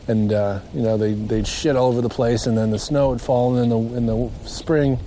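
A man with a mellow, dark-toned voice rambles on a walk through a marsh, drifting from story to story and chuckling at his own remarks. He talks casually to his recorder as he walks outdoors, with a faint hum of outdoor ambience behind him. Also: medium pitch, steady tone, moderate pace. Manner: meandering, chatty, self-amused. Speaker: nature walk vlogger.

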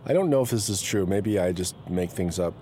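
A man's voice: deep voice, expressive, a little fast. A man chatting casually in a rambling vlog, often breaking off mid-thought and starting over. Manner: chatty, rambling, self-interrupting. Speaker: blogger. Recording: loud road noise.

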